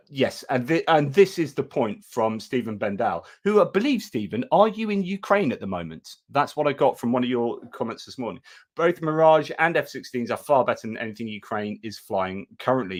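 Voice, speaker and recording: A middle-aged man hosting a casual live news stream, talking in a chatty way and breaking off to thank viewers. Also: on the low side. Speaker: livestream news host.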